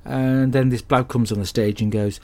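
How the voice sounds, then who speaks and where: Guy doing a rambling sweary bloke, deadpan, mid-pitched, hapless and put-upon. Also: moderate pace, natural voice. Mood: grumbling. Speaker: comedy podcast character host. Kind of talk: scripted comic monologue.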